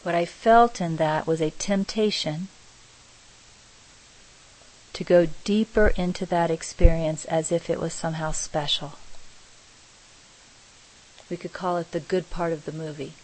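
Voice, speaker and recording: A middle-aged woman giving a reflective spiritual talk, speaking slowly and softly with many pauses. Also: on the low side, fairly even intonation, rough recording. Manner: slow, soft, pausing and searching for words. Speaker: spiritual teacher.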